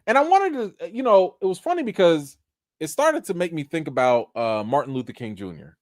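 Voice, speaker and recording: Animated, emphatic man on a livestream. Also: on the high side, brisk. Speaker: livestream host. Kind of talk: entertainment news commentary.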